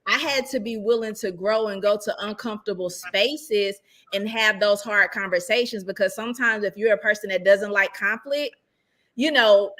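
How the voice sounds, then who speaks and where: A woman's voice: on the high side, a bit bright. A woman speaking as a real estate investor, giving casual, emphatic advice and often checking in with rhetorical questions.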